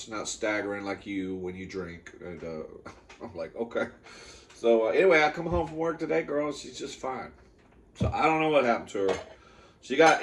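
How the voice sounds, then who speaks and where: A man hosting a comedy eating show, telling a story in a campy, profane, chatty way, calling the viewer "girl" and jumping into loud high yelps when he quotes himself or scolds his dogs. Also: a little hiss or hum. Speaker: comedy mukbang host. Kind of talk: casual storytelling to camera.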